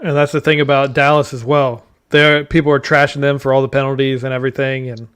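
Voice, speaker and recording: A man co-hosting a sports podcast, easygoing and quick to laugh at his own slip-ups. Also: mid-range voice, flat delivery, fairly bright tone, clear, resonant tone. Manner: easygoing, self-deprecating. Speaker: podcast co-host. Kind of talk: casual sports chat.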